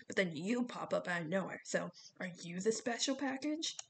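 A woman voicing a gruff, brusque middle-aged male coach who grumbles and barks orders. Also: mid-range voice, lively intonation, moderate pace, a little hiss or hum.

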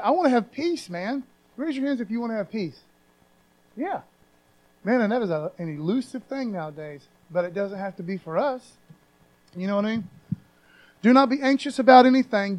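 A man's voice: high voice, expressive, normal speed, rough recording. A man preaching a sermon in a conversational, emphatic way, often adding "man" and raising his voice on scripture readings. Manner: raises voice when reading scripture aloud.

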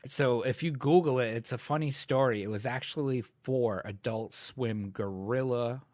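A man telling a story in loose casual podcast chat, full of fillers and quick laughs. His voice sits at an ordinary pitch. The sound is dry and close, with no room around it. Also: darkish tone, no room sound. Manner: rambling storyteller, laughs often, many fillers. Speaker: podcast co-host.

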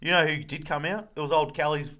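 An Australian man co-hosting a podcast, chatting casually about football, jokey and quick to laugh. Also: on the high side, fairly even intonation, bright, forceful tone. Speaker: podcast co-host. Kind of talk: casual footy chat.

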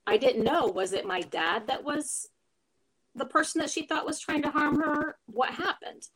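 A middle-aged woman tells her story in an interview, her voice sitting a little high. She speaks earnestly and with feeling, pausing now and then to reflect. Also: a bit bright, poor audio. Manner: earnest, emotional retelling with reflective pauses. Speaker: caregiver telling her story.

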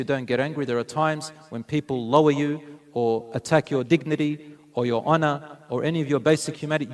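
A man giving a sermon, earnestly telling stories and mixing in Arabic phrases. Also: medium pitch. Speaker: preacher.

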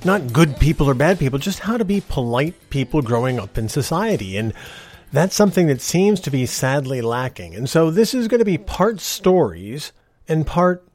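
Animated middle-aged man hosting a podcast. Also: fairly high pitch, moderate pace, faint music behind. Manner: ranting, earnest, animated. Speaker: podcast host. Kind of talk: casual monologue.

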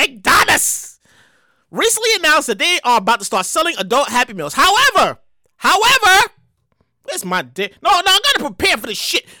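A woman hosting her own show, ranting loudly and profanely in a comedic monologue, getting worked up and shouting. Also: extremely high pitch, no echo, studio quality. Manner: loud, profane, excitable ranting. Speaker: show host.

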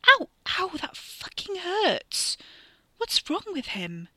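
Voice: medium pitch, lively intonation, normal speed, pushed and bright, dry recording. A storyteller voicing a blunt young woman who swears readily, read in an audiobook style. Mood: pained. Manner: blunt, swears when hurt. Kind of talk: audiobook character voice.

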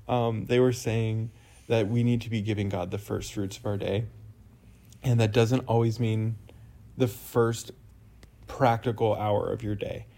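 A young man with a lowish voice co-hosts a relaxed faith conversation. He tells stories in a chatty, animated way, full of fillers and asides. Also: a little slow, long pauses. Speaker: podcast co-host. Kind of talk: casual faith chat.

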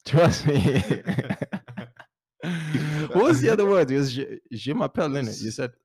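This podcast co-host, a man whose first language is Portuguese, has a medium-pitched, slightly rough voice at normal speed with no room sound. In casual chat he jokes, laughs often, and tells stories with animation.

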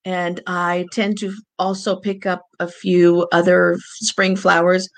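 Woman co-host, gravelly fry in the voice, frank, wry, conversational. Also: on the low side, little pitch movement, slow. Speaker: podcast co-host, grief counselor. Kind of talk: casual chat.

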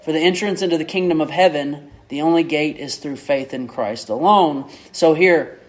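A man preaching a sermon as pastor, measured and repeating key words for emphasis. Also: a little high.

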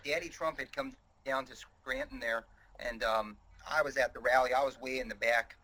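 A man's voice: mid-range voice, moderate pace, pushed and bright, low-quality recording. A man voicing a proud, rambling middle-aged coal miner with a Pennsylvania Dutch accent, hesitant and full of ums. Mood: folksy.

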